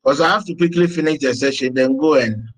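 A man teaching a session, dictating slowly and deliberately with joking asides. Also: mid-range voice, low-quality recording.

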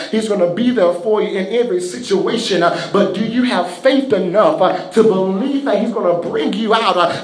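A young man preaching a fervent sermon, building to shouts, with frequent "uh" fillers. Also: high voice, reverberant, rough recording. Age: young adult.

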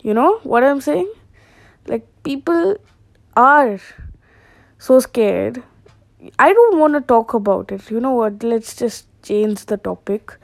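A woman's voice: on the high side, lively intonation, takes it slowly, gravelly, pauses often. A young woman who hosts a casual, rambling comedic podcast monologue and laughs at her own jokes.

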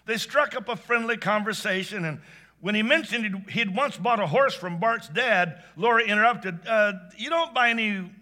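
A man telling a heartfelt story aloud, animated and swinging between hushed and excited delivery. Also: sits high, normal speed. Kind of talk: expressive spoken storytelling.

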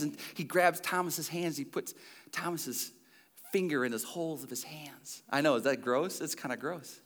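A man's voice: on the high side, moderate pace, bright, forceful tone. A male pastor giving a sermon in a conversational way, full of restarts and asides, in church.

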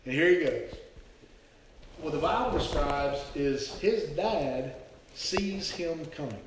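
A man's voice: fairly high pitch, lively intonation, takes it slowly, noisy background. A man preaching a sermon, telling the story earnestly and stumbling over repeated words. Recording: very echoey hall, speaker far from mic.

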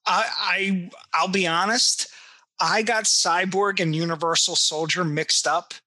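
A high, bright-voiced man tells stories in casual podcast banter, animated and freely profane, laughing as he goes. The sound is dry and close. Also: unhurried, no room sound.

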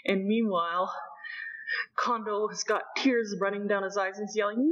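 A woman from Canada, co-hosting a podcast and recapping manga chapters in an animated, storytelling way. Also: mid-range voice, moderate pace, dull audio. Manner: animated storytelling, laughs often. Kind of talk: casual chat.

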